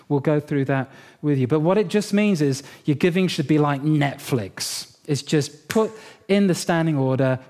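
A middle-aged man preaching a sermon as pastor, telling a story in a lively, humorous way. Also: a little high.

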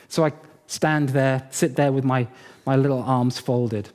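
A middle-aged man preaching a sermon as pastor, telling a story in a lively, humorous way. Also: medium pitch, a little slow.

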